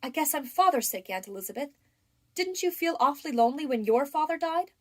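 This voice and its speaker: A woman's voice: high voice, expressive, fairly quick, darkish tone, pitched above the performer's own voice. A woman voicing a grieving young orphan girl who falters and pleads tearfully in a storybook reading. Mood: tearful, pleading.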